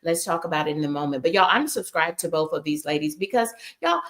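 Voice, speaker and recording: A woman's voice: deep voice, lively intonation, fast, a bit bright. A woman hosting a live stream, chatting casually and addressing viewers directly as y'all.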